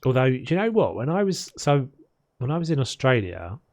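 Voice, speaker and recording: A man's voice: mid-range voice, sing-song, a little fast, darkish tone. A man streaming a video game, chatting casually and rambling between topics as he builds. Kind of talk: casual chat while playing.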